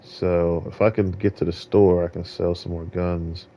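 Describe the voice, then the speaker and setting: A man's voice: deep voice, level tone, a little slow, dark tone. A man rambling with preachy musings while commenting on his gameplay. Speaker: gamer. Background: game music.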